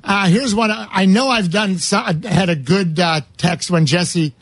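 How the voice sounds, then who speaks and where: A man's voice: high-pitched, normal speed, no room sound. A man hosting a sports radio show, joking and rambling in a teasing, loose way. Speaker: radio host.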